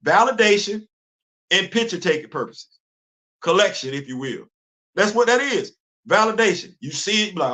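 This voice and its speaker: A middle-aged man hosting a casual solo livestream, animated, repeating himself and quizzing himself in asides. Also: high-pitched, moderate pace, long pauses. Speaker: host. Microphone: livestream studio setup.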